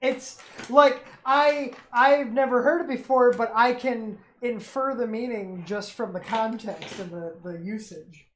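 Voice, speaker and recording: A man's voice: very high-pitched, unhurried, hardly any pauses. An American man hosting a livestream, chatting casually and teasing with frequent laughs. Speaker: livestream host. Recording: roomy echo, faint background noise.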